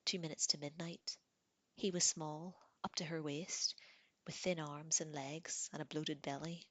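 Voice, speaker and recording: A woman narrating a book chapter aloud in a calm, measured way. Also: sits low, no echo. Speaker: audiobook reader. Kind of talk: audiobook narration.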